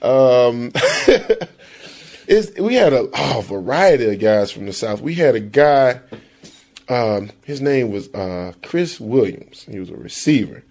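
A man from Florida, a dialect recording subject, reading a passage and then telling animated stories with impressions. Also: medium pitch, unhurried. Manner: animated, laughs, does impressions. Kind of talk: read passage then casual storytelling.

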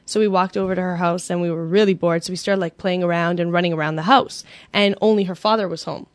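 A woman's voice: on the low side, fairly even intonation, fast talker, dry recording. A woman from Canada telling a personal story in a chatty way, laughing often and using lots of fillers.

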